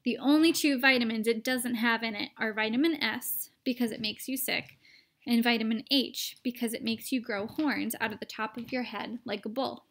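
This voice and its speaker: A woman's voice: a little high, normal speed. Woman reading a children's book aloud. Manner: lively storytelling with playful asides. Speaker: reader.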